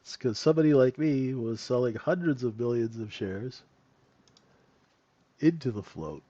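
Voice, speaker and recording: A man's voice: medium pitch, animated, normal speed, mellow, no room sound, highs cut off. A middle-aged man hosting a live trading room, chatting casually and joking with viewers, laughing often. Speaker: trading room host and mentor.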